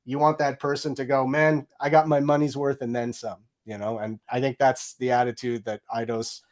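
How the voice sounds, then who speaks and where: A man's voice: medium pitch, level tone, moderate pace. A middle-aged man telling a story with energy in an interview, acting out his own quoted lines. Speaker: guest, game audio director.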